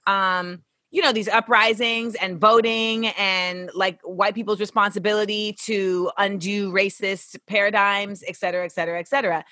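A woman hosting a casual interview, talking in an animated, slangy way and laughing often. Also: medium pitch, normal speed, few pauses, no echo. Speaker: podcast host.

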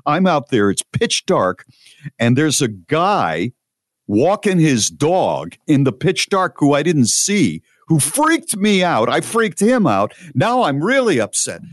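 A man hosting a talk show, casually telling a long, animated personal story and rising in pitch as he relives the frantic parts. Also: takes it slowly, no echo, studio quality. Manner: animated storyteller, voice climbs high when retelling frantic moments.

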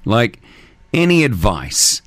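A man's voice: fairly low pitch, wildly swooping pitch, slow pace, fairly bright tone, no room sound. A man hosting a casual radio talk show, chatty and rambling. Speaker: radio host.

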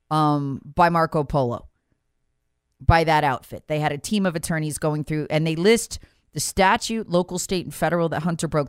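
A woman delivers an emphatic political commentary monologue as a talk show host. Her voice sits low and swings widely in pitch as she piles on sarcasm and repeats words for emphasis. The sound is dry and close. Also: smooth, no echo.

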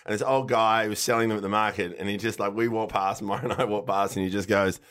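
A man's voice: lowish voice, fairly even intonation, fast talker, fairly bright tone. A man co-hosting a podcast in casual banter, joking and laughing often. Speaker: podcast co-host.

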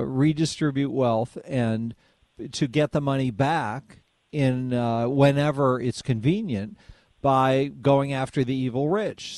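A man hosts a radio talk show. He asks questions with curiosity and states his views firmly. His voice is mid-pitched, and the sound is dry and close. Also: a little mellow, no room sound. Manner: inquisitive, opinionated. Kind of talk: casual radio interview.

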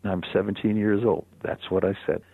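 An older man, a radio guest, telling a personal story in a reflective, animated way with soft chuckles. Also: on the low side, moderate pace, gravelly, slightly rough, dry recording. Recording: phone-line radio interview.

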